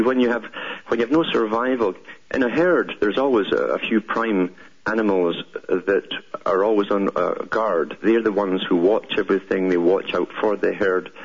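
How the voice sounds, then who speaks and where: An older man with a low, husky voice and vocal fry hosts a call-in radio show, explaining at length and telling stories to a caller. The audio sounds like a muffled radio broadcast.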